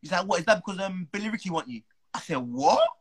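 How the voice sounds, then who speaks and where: A young man, a footballer telling an animated, slang-filled story as a guest. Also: sits high, fast talker, low-quality recording. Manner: animated, slang-heavy, acts out the people he quotes. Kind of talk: casual storytelling.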